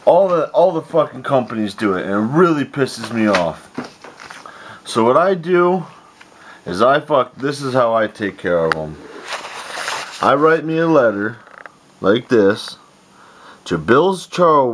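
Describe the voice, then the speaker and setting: A man rants into his home camera, swearing freely and sounding thoroughly exasperated. His pitch swings widely between grumbling lows and indignant highs, and he restarts his sentences often. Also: a bit bright. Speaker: vlogger. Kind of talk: home video rant.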